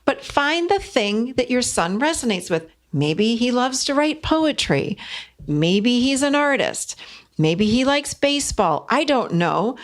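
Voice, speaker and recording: A middle-aged woman hosting a podcast, giving parenting advice in an animated, emphatic way, repeating phrases for effect and laughing as she talks. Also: a little high. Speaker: podcast host. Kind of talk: solo podcast talk, coaching advice.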